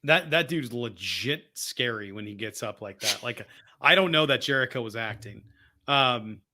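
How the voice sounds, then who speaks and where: A man co-hosting a podcast in casual chat, excitable and rambling, often laughing as he talks. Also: medium pitch, normal speed. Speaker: podcast co-host.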